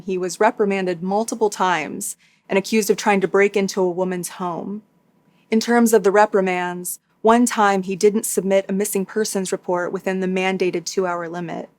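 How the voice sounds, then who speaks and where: A woman hosting a true crime recap, reading a scripted narration in a steady, matter-of-fact way with dry asides. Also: mid-range voice. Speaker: true crime YouTuber host.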